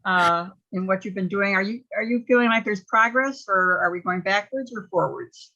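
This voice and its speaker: A woman asking a question haltingly, with hesitations and restarts. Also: medium pitch, sharp tone, dull audio. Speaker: audience questioner.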